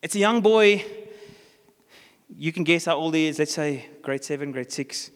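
The preacher's pitch is fairly high and his speed normal as he delivers a sermon in a church. With a South African accent, he tells a story and performs the characters' lines, his voice ringing through the reverberant hall.

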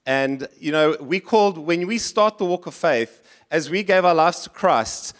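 A man's voice: a little high, animated, measured pace. A middle-aged man, preaching a sermon in church in a conversational style, often restarting and going off on asides. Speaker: pastor.

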